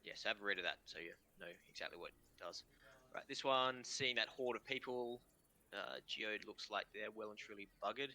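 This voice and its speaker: Aussie GM, low and bright-toned, relaxed, chatty, describes the action loosely. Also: male voice, moderate pace. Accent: Australian. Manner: casual, laughs easily, trails off with "um" and "kind of". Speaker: game master. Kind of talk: narrating a tabletop game.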